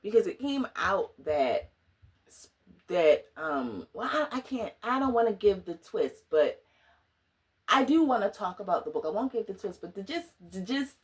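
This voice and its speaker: A woman chatting casually in a book review vlog, animated and slangy, dramatic and often laughing. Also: mid-range voice, normal speed. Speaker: book vlogger.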